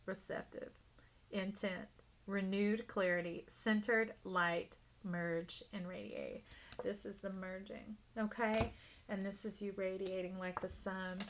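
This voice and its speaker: Animated woman giving a tarot reading. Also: medium pitch, slow pace, a little hiss or hum. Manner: animated, drops to soft whispers. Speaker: tarot reader.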